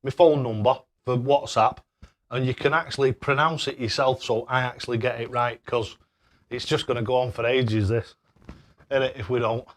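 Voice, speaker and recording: A man's voice: mid-range voice, fairly even intonation, moderate pace. Jokey older man chatting on a stream. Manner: chatty and jokey, laughs often, fumbles over names. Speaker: darts livestreamer reading chat. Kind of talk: casual live-stream chat.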